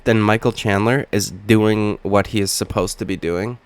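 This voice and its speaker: Young male vlog host, low-pitched and hoarse; loose, profane, wisecracking delivery. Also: steady tone, normal speed, few pauses. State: hoarse from just waking up. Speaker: channel host. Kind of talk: casual reaction vlog.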